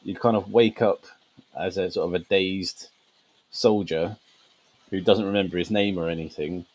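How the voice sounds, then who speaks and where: A man's voice: sits low, steady tone, normal speed, a little mellow, poor audio. A man co-hosting a gaming podcast, explaining at length with fillers and frequent laughs. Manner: laughs often, meandering explanations with many fillers. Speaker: podcast co-host. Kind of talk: casual podcast chat.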